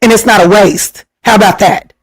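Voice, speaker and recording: In a rough home recording, a man runs a tarot livestream, reading viewers' comments and chatting with them in a casual, teasing way. He speaks at a normal speed with a breathy edge, laughs often, and his pitch jumps up when he gets excited.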